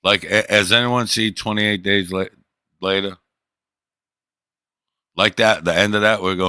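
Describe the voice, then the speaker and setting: Guy streaming, deep punchy voice, swears a lot, rambles on telling stories to chat. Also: steady tone, unhurried, long pauses, pushed and bright, no room sound. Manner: profane, rambling, loose. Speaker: livestreamer. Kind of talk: casual storytelling to chat.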